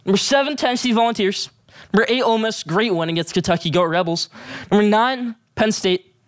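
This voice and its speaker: High-voiced, fast-talking male sports host. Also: smooth, no room sound. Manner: emphatic, rapid-fire hot takes. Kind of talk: opinionated sports commentary.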